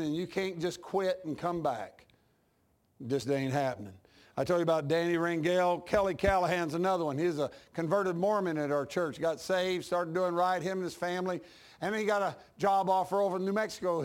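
A male pastor preaching a sermon, telling folksy stories and acting out the dialogue. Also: high voice. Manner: folksy storytelling preacher, acts out dialogue, laughs at his own jokes.

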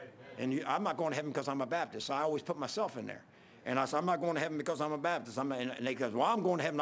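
A man preaching a sermon, telling a story in a casual, conversational way with many restarts. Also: mid-range voice.

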